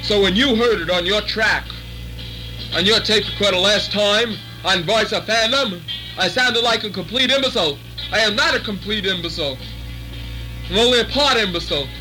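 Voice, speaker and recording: A man's voice: high voice, normal speed, music in the background, poor audio. A fan making a theatrical, mock-indignant protest on a home tape, joking about his own voice. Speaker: contributing fan.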